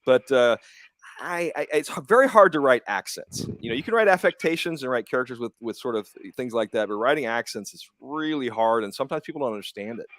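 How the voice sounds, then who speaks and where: A man's voice: mid-range voice, lively intonation, fast, a bit bright. A man, a comics writer and publisher, talking candidly in a casual interview with frequent restarts and some swearing. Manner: candid, profane, stumbling restarts.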